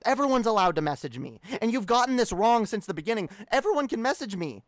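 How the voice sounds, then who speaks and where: A man's voice: high-pitched, big pitch swings, quick pace, hardly any pauses, no room sound. A man streaming, ranting heatedly and swearing a lot. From Canada. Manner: heated, profane, repetitive. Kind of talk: ranting livestream talk.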